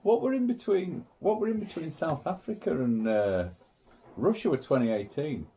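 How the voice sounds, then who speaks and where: A man's voice: fairly high pitch, moderate pace, low-quality recording. A man, co-hosting a casual podcast and telling stories with plenty of swearing. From England. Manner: swears freely, animated storytelling. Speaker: podcast co-host. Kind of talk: casual chat.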